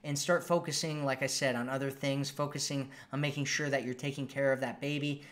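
A man's voice: mid-range voice, flat delivery, fairly quick. A man hosting a live stream as a dating coach, reading out viewer comments in a casual, upbeat, chatty way.

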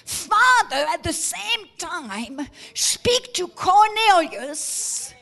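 A woman pastor preaching a sermon emphatically, repeating words as she builds to shouted peaks. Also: very high-pitched, big pitch swings, very slow, vocal fry.

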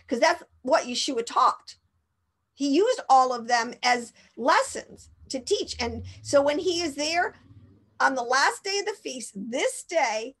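Woman Bible teacher, high voice, rambling and emphatic. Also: fairly bright tone. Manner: rambling, emphatic, with frequent restarts and laughs. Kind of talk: informal teaching talk.

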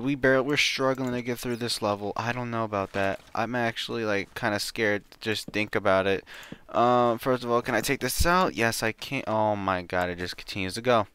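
A man giving casual gameplay commentary, excitable and slangy, swinging from muttering to yelling. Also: mid-range voice, clear, resonant tone. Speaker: gaming channel host.

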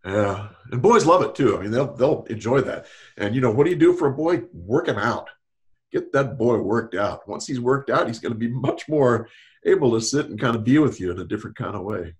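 A middle-aged man counseling-style talking in a casual podcast discussion, animated and often laughing, acting out quotes in a raised voice. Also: medium pitch, brisk.

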